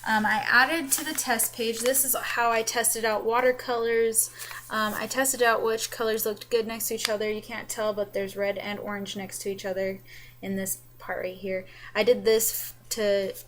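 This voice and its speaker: A woman's voice: a little high, flat delivery, normal speed, a bit bright. A young woman rambles to her webcam, her accent slipping between New York and the Carolinas. She is chatty and loose, with plenty of ums and restarts. A faint hiss sits under the recording. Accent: mixed New York and Southern US. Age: young adult. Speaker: vlogger. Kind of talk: casual chat. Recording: webcam with faint background noise.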